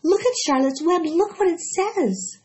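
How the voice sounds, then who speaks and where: A woman voicing an eager young farm girl who calls out in a high, excited way. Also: fast talker. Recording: dull lo-fi recording.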